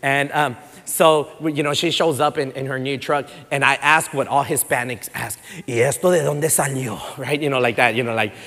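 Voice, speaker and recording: A man's voice: mid-range voice, normal speed, few pauses. Man, pastor, conversational sermon, Spanish phrases mixed in, long church-hall reverb. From Texas. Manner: animated, conversational preaching with frequent fillers and acted quotes; mixes in Spanish words and phrases.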